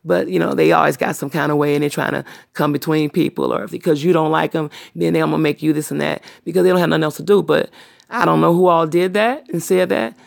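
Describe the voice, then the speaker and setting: A woman's voice: deep voice, steady tone, fast talker, vocal fry. A middle-aged woman hosting her own livestream, talking at length in a blunt, profane, long-winded way. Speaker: channel host livestreaming. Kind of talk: unscripted livestream rant.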